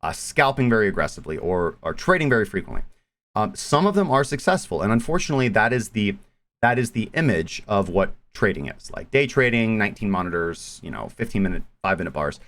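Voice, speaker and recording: A man's voice: fairly low pitch, big pitch swings, a little fast, fairly bright tone. A man hosting a live stream and explaining trading strategy, talking in a loose way that repeats words and restarts phrases. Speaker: trading analyst host. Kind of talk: live stream market analysis.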